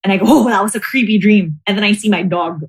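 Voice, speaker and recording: A woman from the Philippines, telling stories as a podcast guest in a casual, animated way. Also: mid-range voice, quick pace, husky. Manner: animated, laughs often, acts out quoted voices. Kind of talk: casual storytelling. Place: home.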